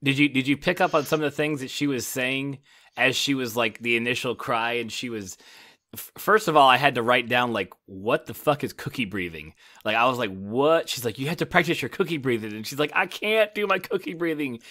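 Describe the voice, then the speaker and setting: Bright-voiced American guy recapping a show. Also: mid-range voice, fairly quick. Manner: animated, laughing, quotes characters in raised voices. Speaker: podcast co-host. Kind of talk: casual chat, episode recap.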